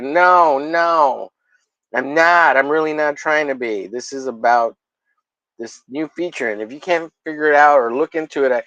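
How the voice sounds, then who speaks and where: A man's voice: fairly high pitch, moderate pace, sharp tone, no room sound, poor audio. Rambling, profane male livestream host. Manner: rambling, profane, mock-angry joking. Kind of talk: casual livestream chat.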